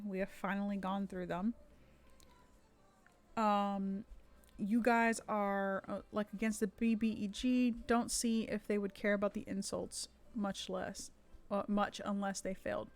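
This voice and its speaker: A woman's voice: medium pitch, takes it slowly. A woman who runs tabletop games, chatting casually on a live stream, rambling with many fillers and restarts. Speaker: streamer and dungeon master.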